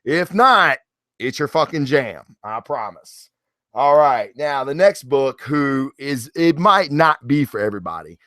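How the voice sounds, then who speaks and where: A married man reviewing comic books in a casual, profane monologue, acting out characters in quick asides. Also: mid-range voice, no room sound, clean studio sound. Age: adult, married. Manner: animated, swears freely, acts out characters in quick asides.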